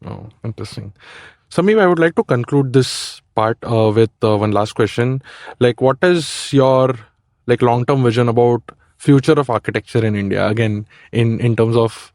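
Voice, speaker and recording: A male podcast host asks long, searching questions in a tentative, rambling way, leaning on fillers. His voice sits at an ordinary pitch. The sound is dry and close. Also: normal speed, a little mellow, no echo. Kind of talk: casual interview questions.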